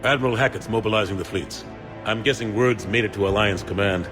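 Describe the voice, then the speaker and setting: A man playing a steady older fleet admiral. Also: lowish voice, brisk, music in the background, natural voice.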